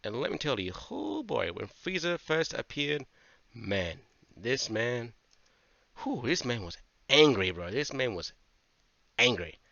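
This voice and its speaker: A man giving a casual manga review, animated, swearing freely and going off on tangents. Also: mid-range voice, unhurried, creaky, dry recording. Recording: dull lo-fi dry mic.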